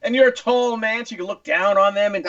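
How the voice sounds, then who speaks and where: A man's voice: sits high, fast, a bit bright, dry recording, distant mic, highs cut off. A middle-aged man hosting a casual chat show over a video call, joking and playful. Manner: joking, playful, slips into put-on voices. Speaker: host.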